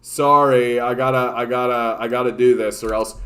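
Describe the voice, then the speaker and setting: A man's voice: medium pitch, fairly even intonation, moderate pace, a bit bright. Profane rambling male livestream host. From Canada. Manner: profane, rambling, sarcastic, many restarts. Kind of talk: casual ranting livestream chat.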